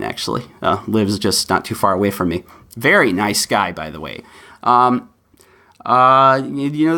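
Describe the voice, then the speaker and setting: A man's voice: lowish voice, fairly bright tone. A man hosting a solo podcast, talking earnestly and pleading with listeners, with plenty of fillers along the way. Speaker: podcast host.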